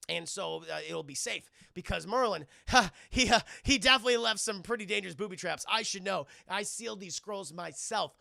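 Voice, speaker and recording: A man's voice: high voice, a little fast, creaky, hardly any pauses, sharp tone, no echo, studio quality, exaggerated voice. A man voicing a smug, menacing ancient male villain who taunts others as "laddie". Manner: taunting, calls people "laddie".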